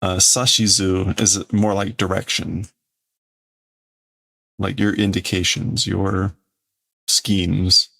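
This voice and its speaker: A man translates a comic on a live stream in an unhurried, low voice with a gravelly edge. He thinks aloud as he goes and often hedges or corrects himself. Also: little pitch movement, sharp tone. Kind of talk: casual live commentary.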